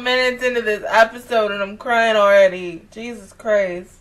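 A woman's voice: mid-range voice, steady tone, moderate pace. A woman doing an anime reaction video, emotional and exclamatory, swearing freely as she talks.

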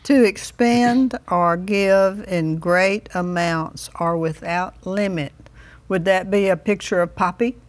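Older woman affirming, mid-pitched voice. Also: steady tone, slow. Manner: warm affirming interjections. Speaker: host. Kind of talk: casual Bible-teaching chat.

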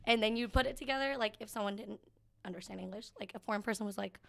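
A woman guest in a casual podcast chat, lively and laughing often as she acts out quoted lines. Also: mid-range voice, quick pace, creaky.

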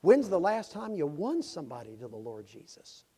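A man preaching a fervent church sermon, his voice sitting a little higher than most men's. He swings from low, confiding remarks to impassioned peaks and shouted lines. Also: big pitch swings, moderate pace, husky. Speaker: pastor. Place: church sanctuary.

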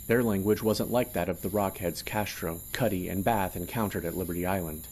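A man narrating an audio drama in a measured, storytelling delivery. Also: deep voice, darkish tone, a little hiss or hum. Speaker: narrator and producer.

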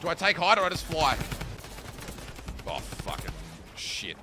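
Excitable swearing gamer man, lively pitch. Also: a little slow, a little hiss or hum. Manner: excitable, swearing, yells at opponents. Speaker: streamer playing a battle royale tournament. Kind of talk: live gaming commentary to chat.

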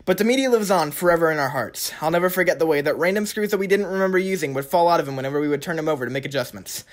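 Fast, sarcastic young storyteller. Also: male voice, on the high side. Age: young adult. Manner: sarcastic, mock-dramatic. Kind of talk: comedic storytime narration.

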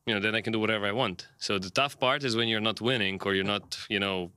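A man with a low, bright, crisp voice rambles frankly through a casual post-match interview. He keeps restarting his sentences and leaning on "you know", and his tone stays playful. The sound is dry and close. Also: fast talker, no room sound. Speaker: tennis player interviewee. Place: interview set, indoors.

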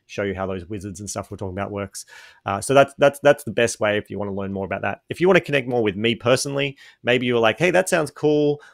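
An Australian man from Sydney, a guest on a podcast, talking in a relaxed, chatty way. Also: lowish voice, vocal fry, dry recording, studio quality. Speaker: podcast guest, business owner. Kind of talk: casual podcast interview.

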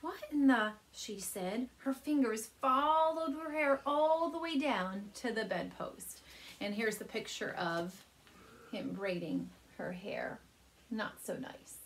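A woman teacher reading a children's chapter book aloud from her couch at home, speaking gently and warmly to young listeners. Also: a little high, slow pace, a little hiss or hum. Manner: gentle, animated storyteller addressing kids.

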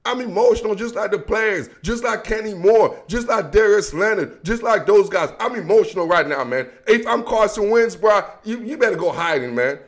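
A man's voice: high voice, animated, normal speed, few pauses. A man hosting an emotional, heated sports rant, talking straight to his viewers in loose slang. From Washington DC area. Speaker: sports commentary host.

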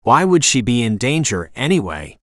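Defensive small-town cop, hoarse and grumbling, a male narrator doing him. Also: medium pitch, very animated, moderate pace, a bit bright, no room sound, clean studio sound.

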